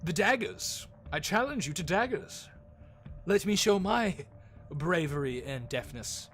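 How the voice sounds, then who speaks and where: A man's voice: high voice, animated, unhurried, a bit bright, pitched above the performer's own voice. A man voicing a boastful, showy male gambler who speaks of himself in the third person.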